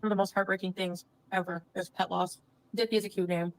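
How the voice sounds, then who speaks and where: A woman from Canada chatting casually on a livestream, reading viewers' comments and answering them softly. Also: fairly low pitch, fairly even intonation, fast, no echo, rough recording. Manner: soft, sympathetic, reads out viewer names. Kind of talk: casual live-stream chat.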